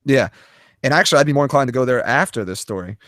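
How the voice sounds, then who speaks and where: This is a man with a middle-pitched voice, trading a story back and forth on a podcast. His delivery is relaxed and chatty, with quick agreeing asides. The recording is close and dry, with no room sound. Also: dry recording. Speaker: podcast co-host. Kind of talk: casual sports and news podcast chat.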